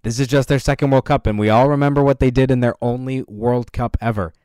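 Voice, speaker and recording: A man's voice: mid-range voice, fairly even intonation, fast talker, a little mellow, smooth, no echo, studio quality. A man hosting a sports podcast, running through facts and names in casual analysis with some filler words. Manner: fact-heavy, with filler ums and uhs. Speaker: podcast host.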